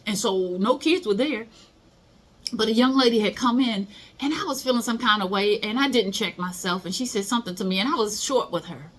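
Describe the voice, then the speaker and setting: This middle-aged motivational speaker has a voice on the high side and talks a little fast. She shares casual advice and stories in a conversational manner, acting out quoted voices.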